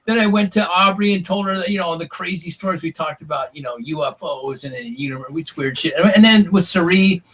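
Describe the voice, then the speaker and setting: A former reality show contestant, appearing as an interview guest, tells long rambling stories packed with "like" and "you know." His voice is high-pitched, husky, and fairly bright, moving a little fast with few pauses. The recording quality is low.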